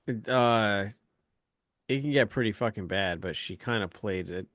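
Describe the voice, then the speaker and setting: A man's voice: lowish voice, measured pace, fairly bright tone, dry recording, studio quality. A middle-aged man, a podcast co-host, telling a heated story full of profanity in casual chat.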